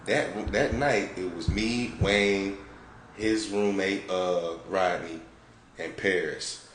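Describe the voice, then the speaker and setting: A man from Detroit, a podcast host, telling an animated, profane story in a laid-back way. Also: deep voice, slow pace. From Detroit, United States. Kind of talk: casual storytelling. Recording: roomy with faint background noise.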